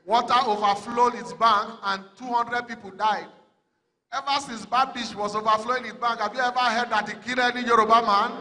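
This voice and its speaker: Bright-voiced Nigerian man doing stand-up in a reverberant hall. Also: very high-pitched, a little fast. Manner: animated storytelling, acting out characters with shouts. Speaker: comedian and MC. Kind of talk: stand-up comedy at a live event. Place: large indoor event hall. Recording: long reverb of a large event hall.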